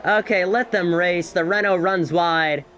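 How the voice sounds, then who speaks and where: A man doing solo live commentary on an esports race, excitable and a bit out of breath, with chatty asides between the action. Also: high-pitched, measured pace, slight background noise. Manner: excitable, rising to shouts in battles, chatty asides.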